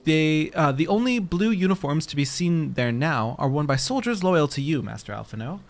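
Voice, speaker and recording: A man reading as a calm, polite ninja woman. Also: on the high side, normal speed.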